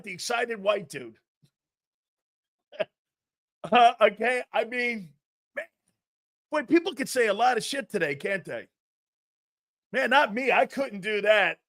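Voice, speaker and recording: A middle-aged man with a high voice hosts a live sports talk stream. He jokes, laughs and bursts out loudly as he reacts to viewer chat, with plenty of fillers. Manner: excitable and jokey, loud outbursts, frequent laughs and fillers. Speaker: sports talk show host.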